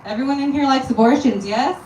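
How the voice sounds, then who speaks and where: A woman's voice: sits high, quick pace, warm tone. A young woman delivers a stand-up set with a dry, self-deprecating edge. Her voice carries through an echoey venue from a mic held some distance off, with light noise underneath. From Texas. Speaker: stand-up comedian. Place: comedy venue with audience. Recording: roomy live sound from a distant mic.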